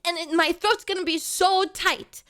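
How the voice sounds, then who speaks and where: A woman's voice: extremely high pitch, fairly even intonation, moderate pace, fairly bright tone. A woman streamer chatting casually with her live chat, playful and melodramatic, often pleading with viewers.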